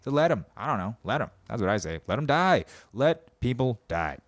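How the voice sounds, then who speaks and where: A man's voice: mid-range voice, very animated, moderate pace, no room sound. A man hosting a podcast, delivering a sarcastic, profane comedic rant about politics and mocking people as he goes. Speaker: podcast host.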